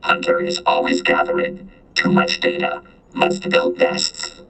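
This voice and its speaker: Here the same ancient vending machine comes alive through a man's heavily acted performance, sing-song, unhurried and a little bright. The synthetic robot voice stays deep and gravelly, whining across multiple tones in broken, clipped bursts that feel menacing.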